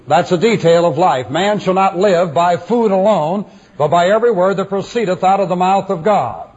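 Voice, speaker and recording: A male preacher giving a sermon in a measured, emphatic way, repeating refrains for weight, on a dull lo-fi recording. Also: sits high, a little mellow, husky.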